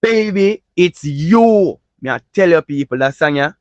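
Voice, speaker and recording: A man with a Jamaican accent hosting a casual entertainment news show in patois, animated and chatty, full of catchphrases. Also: on the high side, normal speed, dry recording, muffled recording.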